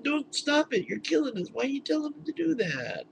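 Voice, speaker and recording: A man voicing a crowd of giddy, laughing heavenly angels in a mocking high squeal. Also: wildly swooping pitch, brisk, gravelly, slight background noise, heavily acted. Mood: gleeful.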